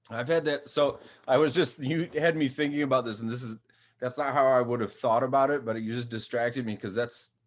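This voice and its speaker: A man's voice: mid-range voice, normal speed. A man in a casual podcast chat who talks thoughtfully and stops to search for the right words.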